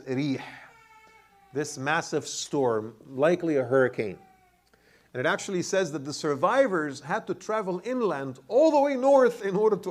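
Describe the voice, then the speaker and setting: Imam giving a lively tafsir class. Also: male voice, fairly high pitch. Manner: questions the class, repeats words, many restarts. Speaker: imam teaching Quran commentary. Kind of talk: classroom lecture with questions to the audience.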